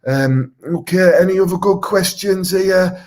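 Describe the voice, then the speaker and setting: A man's voice: sits high, measured pace, a little mellow. A man playing a sweary Teesside vigilante hero. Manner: rambling, sweary, threatening. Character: crude, boastful male local superhero wannabe. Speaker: comic superhero character. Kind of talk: live comedic Q&A in character.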